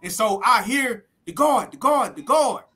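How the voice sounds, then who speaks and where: A man's voice: very high-pitched, animated, measured pace, sharp tone, breathy edge. A man from Texas, a guest telling a story in a casual interview, full of street slang and cursing. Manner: vivid street slang, heavy cursing, acts out scenes. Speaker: interview guest recounting prison life.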